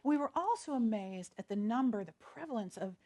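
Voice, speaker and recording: Chatty woman minister, higher voice. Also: expressive, brisk, warm tone. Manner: chatty, storytelling, laughs easily. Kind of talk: conversational sermon.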